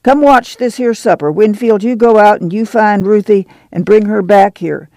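A man's voice: sits high, normal speed, dry recording, voice pushed up. Man doing a stern mother, raised voice. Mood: firm. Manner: firm, hushed and protective. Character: weary, stern rural mother of a migrant family. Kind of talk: audiobook character voice.

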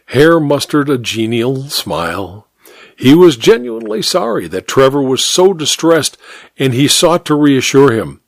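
A man narrating a story in an expressive, measured audiobook reading. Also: mid-range voice, gravelly, no echo.

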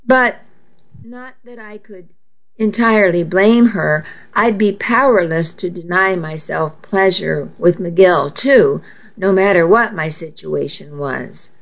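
A woman reading a first-person novel aloud in a measured, intimate storytelling manner, heard on a dull lo-fi recording. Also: fairly low pitch. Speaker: audiobook narrator.

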